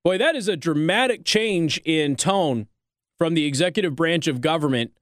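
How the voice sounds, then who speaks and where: Animated male political talk host. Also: on the high side, measured pace, no room sound, studio quality. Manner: animated, mocks others in quoted voices. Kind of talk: opinionated political commentary.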